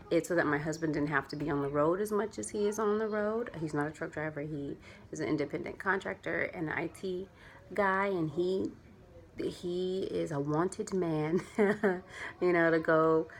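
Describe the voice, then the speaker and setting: Casting note: young woman, low-ish gravelly voice, earnest rambling vlogger, faint hiss behind. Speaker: vlogger and clothing seller. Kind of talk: casual heartfelt vlog.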